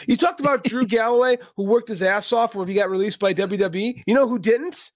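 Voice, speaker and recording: A man's voice: high-pitched, brisk, few pauses, no room sound, studio quality. A man co-hosting a wrestling podcast, ranting in an exasperated, profane, casual way. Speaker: podcast co-host.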